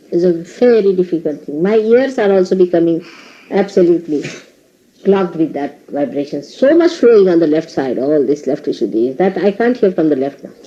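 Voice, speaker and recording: A woman's voice: mid-range voice, warm tone. A woman spiritual teacher giving a talk to her followers, scolding them in a playful way and laughing often. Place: indoor ashram hall. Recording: dull lo-fi 1980s tape recording.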